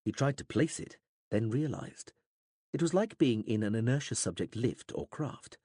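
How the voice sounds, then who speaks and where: A man reading an audiobook aloud in dramatic, expressive scripted narration. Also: medium pitch, normal speed, slightly rough, no room sound, studio quality.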